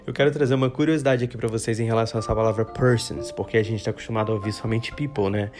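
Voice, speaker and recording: A man's voice: on the low side, rapid-fire, over music. A man hosting a podcast lesson, chatting upbeat and reading a storybook aloud. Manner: upbeat, chatty greetings, then steady reading. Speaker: podcast host and English teacher.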